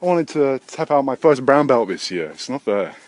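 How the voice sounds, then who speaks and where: A man in his thirties talks alone into a desk microphone, rambling from topic to topic. His everyday middle-pitched voice curses freely, drops to low mutters, then jumps into sudden loud, high-pitched outbursts. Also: big pitch swings, normal speed. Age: 30s. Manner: profane, erratic, swings between mutters and loud outbursts. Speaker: podcast host. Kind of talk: rambling solo podcast monologue.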